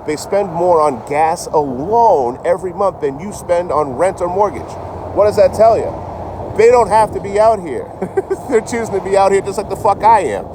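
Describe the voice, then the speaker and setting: A man's voice: high voice, lively intonation, moderate pace. A middle-aged man livestreaming outdoors, chatting casually and profanely in a rambling way and laughing at his own jokes. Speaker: traveling livestreamer. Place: outdoors by a rail yard office. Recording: outdoor street noise. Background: traffic and street noise.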